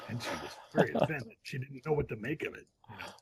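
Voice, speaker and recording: A middle-aged man guesting on a podcast, talking in a loose comic way and breaking into cartoon impressions and shouts. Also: lowish voice, sing-song, fast, husky.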